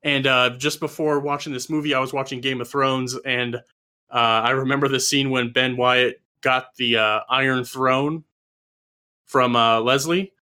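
A man with a bright, forceful tone chats casually on a podcast, reviewing a film from his notes. His humor is dry and sardonic, and he delivers gloomy jokes in an easy conversational way. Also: medium pitch, steady tone, unhurried, clear, resonant tone. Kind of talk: casual chat.

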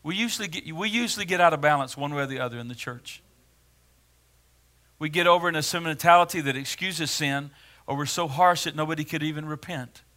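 A male pastor preaching a sermon in a dramatic way, swinging from hushed words to loud ones. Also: a little high, fast talker.

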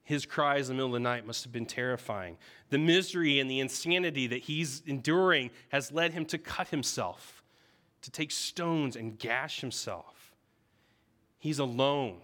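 Guy preaching, bright punchy voice, kinda high, vivid storyteller, keeps saying right?. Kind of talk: sermon.

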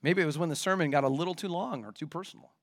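A man's voice: a little high, very fast. A man preaching an expository sermon as a pastor, emphatic and full of rhetorical questions.

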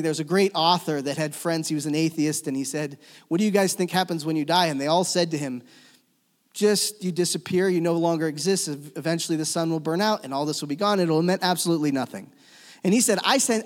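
A man preaching a sermon as a pastor, swinging between loud emphatic lines and hushed, slow ones. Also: sits high. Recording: long reverb of a church hall.

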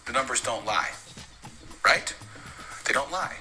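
A man telling a comic story in an animated way, repeating lines for effect. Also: mid-range voice, measured pace, faint music behind.

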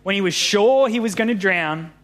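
A man reading a Bible story aloud to children in an animated, friendly way. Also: sits high, normal speed. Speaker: pastor.

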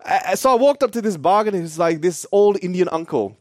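A young Australian man preaching an animated, story-driven sermon, his voice high for a man. His pitch swings widely as he tells the story. The sound is close and dry. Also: fast, dry recording. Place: church.

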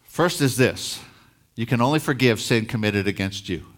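A man's voice: mid-range voice, animated, normal speed. A man preaching a sermon as a pastor, reading scripture aloud and explaining it, rising in force on key lines.

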